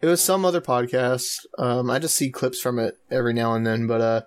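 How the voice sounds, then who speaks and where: A man's voice: mid-range voice, fairly even intonation, a little fast. A young man co-hosting a podcast, telling a story in jokey casual chat with giggles. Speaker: podcast co-host.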